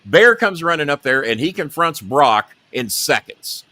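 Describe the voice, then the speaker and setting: A man's voice: on the high side, very animated, measured pace, pushed and bright, no echo. A middle-aged man hosting a talk show, telling a long story and acting out the quotes in it.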